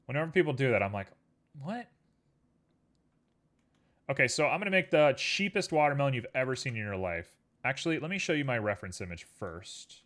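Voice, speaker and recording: A man's voice: mid-range voice, fairly bright tone. Playful man chatting to his viewers. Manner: playful, jokey, rambling asides to chat. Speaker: streamer. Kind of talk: casual chat while working.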